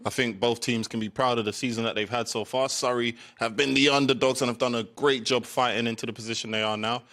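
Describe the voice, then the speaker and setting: A man giving post-game basketball analysis, chatty and enthusiastic, getting excited over big plays. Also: mid-range voice, fast. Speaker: basketball pundit.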